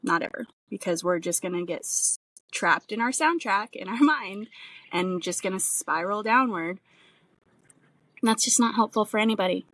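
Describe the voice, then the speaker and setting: A woman's voice: mid-range voice, moderate pace, a bit bright, dry recording. A woman coach, a podcast guest, talking in an earnest and emphatic way. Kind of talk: casual chat. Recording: dry, distant from the mic.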